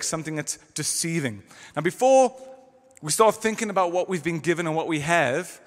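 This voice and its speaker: Man, pastor, emphatic sermon, high voice, long church reverb. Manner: emphatic, varies pace and volume for stress.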